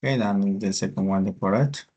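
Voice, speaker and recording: A man explaining grammar exercises in an online class, speaking haltingly with restarts and hesitant fillers. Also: lowish voice, background noise. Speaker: class presenter.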